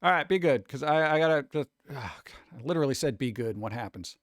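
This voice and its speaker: A man's voice: on the high side, expressive, quick pace, dry recording, clean studio sound. A man chatting casually with viewers on a live stream, rambling, humming and scatting to himself, his throat a little sore.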